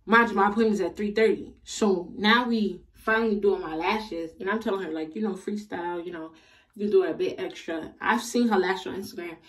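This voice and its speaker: Young woman, casual storytime vlog, slangy and exasperated, mid-pitched voice, sits a bit back from the mic. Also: fairly quick, distant mic. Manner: animated, slangy, exasperated retelling. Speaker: vlogger.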